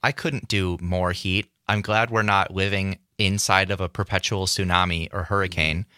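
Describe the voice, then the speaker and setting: A man's voice: sits low, steady tone, normal speed, bright, forceful tone, smooth, no echo, studio quality. A man calling a talk show, chatty and musing. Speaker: caller. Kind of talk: phone-in call.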